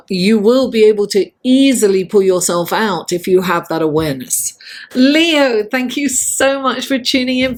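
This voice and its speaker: Chatty woman giving a tarot reading. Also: mid-range voice. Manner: chatty, animated, laughs often; encouraging, motivational. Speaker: astrology and tarot reader. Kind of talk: casual tarot reading to camera.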